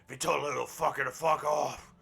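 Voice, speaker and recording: A man's voice: on the high side, little pitch movement, quick pace, creaky, pushed and bright, slightly rough. A man reading a book aloud in a game roleplay, breaking off into crude, profane, mocking asides. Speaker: gaming roleplay streamer.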